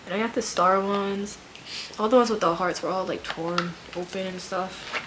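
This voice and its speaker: A woman's voice: mid-range voice, steady tone, moderate pace, background noise. Stuffy-nosed woman chatting casually. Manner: rambling, filler-heavy, laid-back. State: stuffy nose. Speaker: vlogger, full-time nurse. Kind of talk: casual haul chat.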